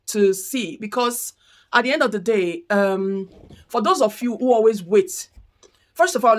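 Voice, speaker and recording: A woman giving an impassioned commentary rant, firing off repeated rhetorical questions. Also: mid-range voice. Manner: indignant, repetitive rhetorical questions. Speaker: commentary vlogger.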